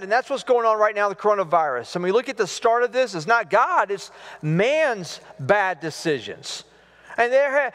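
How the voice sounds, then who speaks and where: High-voiced pastor preaching in a reverberant hall. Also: male voice, fairly bright tone. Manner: earnest, questioning, stumbling restarts. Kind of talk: sermon. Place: church sanctuary.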